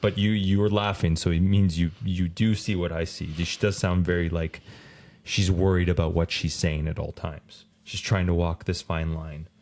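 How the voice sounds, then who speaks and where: A man co-hosting a racing podcast in casual chat, rambling and animated, full of fillers. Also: low voice, moderate pace. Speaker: podcast co-host.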